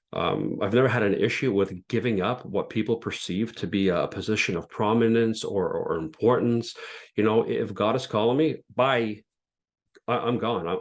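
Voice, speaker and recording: A man in his fifties talks through a personal story on his own podcast, earnest and candid. His voice sits on the low side, and he often doubles back and repeats words as he goes. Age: 50s. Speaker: podcast host.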